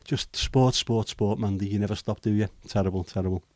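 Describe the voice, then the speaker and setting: In a dry recording, a Liverpool livestream host with a lowish voice and steady tone talks fairly quickly. He chats casually through viewer comments, with rambling, hesitant banter and an occasional swear, in his Liverpool accent.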